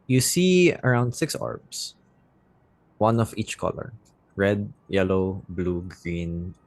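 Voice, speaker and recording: A man narrating a tabletop fantasy game as game master, in slow, atmospheric style. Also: sits low, very animated, darkish tone, no room sound.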